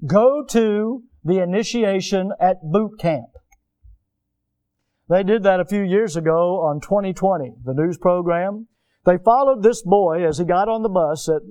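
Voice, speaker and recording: A male preacher delivering a sermon, with animated storytelling in which he acts out the people he describes. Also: a little high.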